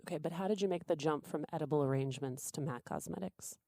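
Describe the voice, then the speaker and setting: Low, gravelly woman host. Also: fast talker, dark tone, no room sound, studio quality. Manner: direct, probing questions. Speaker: podcast host. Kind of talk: interview questions.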